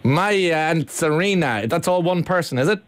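A woman's voice: lowish voice, lively intonation, normal speed. An adult woman hosting a playful chat with a child, teasing and joking with her. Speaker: radio host.

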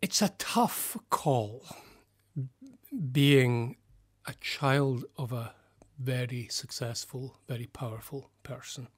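Scottish psychologist guest, mid-pitched male voice, thoughtful, halting explainer, radio interview. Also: breathy edge.

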